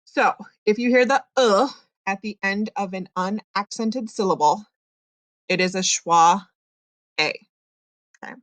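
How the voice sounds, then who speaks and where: A woman teaching a reading lesson, patiently sounding out words slowly and explaining each step. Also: medium pitch, fairly bright tone, dry recording. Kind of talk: classroom phonics lesson.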